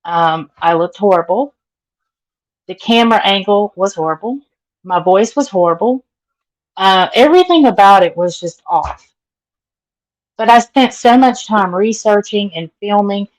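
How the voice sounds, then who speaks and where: A woman's voice: medium pitch, animated, measured pace, long pauses, rough recording. A middle-aged woman with a Southern accent, chatting casually with live viewers and greeting them by name. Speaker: vlogger.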